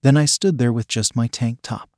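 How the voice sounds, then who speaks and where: A man narrating a story in a steady first-person reading. His voice sits at an ordinary pitch, recorded close and dry. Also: normal speed, dry recording. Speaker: story reader. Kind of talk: scripted narration.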